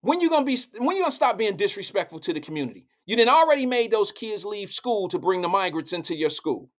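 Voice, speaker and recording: Blunt, profane man with a high voice. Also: very animated, fast talker. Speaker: live show host. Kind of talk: political commentary.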